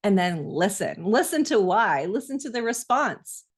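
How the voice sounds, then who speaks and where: A woman's voice: medium pitch, sing-song, a little slow, husky. A middle-aged woman, a parenting coach, giving earnest, reassuring advice in a conversational way straight to camera.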